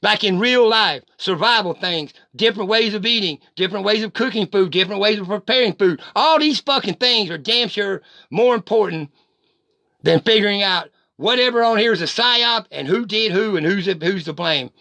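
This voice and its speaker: A man's voice: sits high, moderate pace, bright, forceful tone, no echo. Angry profane man ranting. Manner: profane, heated and confrontational. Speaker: vlogger. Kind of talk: angry direct-to-camera rant.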